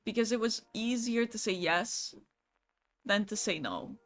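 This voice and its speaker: A young adult woman chats casually with viewers on a livestream, swearing lightly and laughing along the way. Her medium-pitched voice is sing-song and unhurried.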